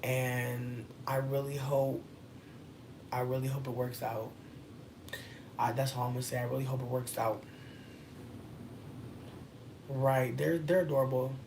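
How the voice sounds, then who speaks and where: A woman in her thirties chatting casually on a livestream and answering chat, playful and profane, with drawn-out emphasis. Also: rumbling low, steady tone, darkish tone, a little hiss or hum. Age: 30s.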